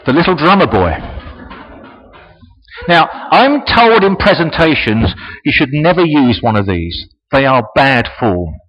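Lively man telling a story. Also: on the high side, a little slow. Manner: animated, chatty asides to the audience. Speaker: speaker at a presentation. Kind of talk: storytelling speech. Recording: dull lo-fi recording.

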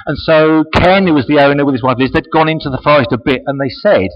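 A man giving a storytelling speech to an audience, animated and chatty, with asides to his listeners. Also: on the high side, quick pace, hardly any pauses. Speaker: speaker at a presentation. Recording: dull lo-fi recording.

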